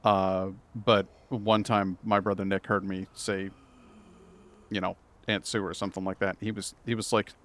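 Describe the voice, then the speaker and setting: A man's voice: sits low, level tone, moderate pace, fairly bright tone. A man from Massachusetts with a New England accent, chatting casually as he streams a video game. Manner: chatty, rambling, self-deprecating asides. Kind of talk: live game commentary.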